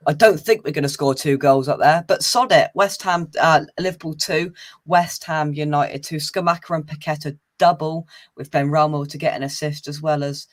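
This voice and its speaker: Chatty English man hosting a football chat. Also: on the high side. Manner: chatty, laughs often, teasing. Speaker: host of a fan podcast. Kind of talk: casual football preview chat.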